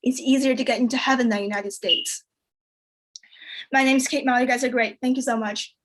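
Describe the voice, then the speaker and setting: A woman performing a stand-up comedy set, whose first language is Chinese, telling jokes in a deadpan way and jumping much higher when she quotes people. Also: normal speed. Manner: deadpan delivery, jumps high for quoted voices.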